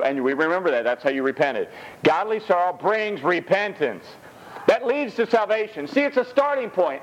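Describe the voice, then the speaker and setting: A man preaching a sermon in an animated, joking way. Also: muffled recording. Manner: animated, jokey preaching with swings of pitch. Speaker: pastor.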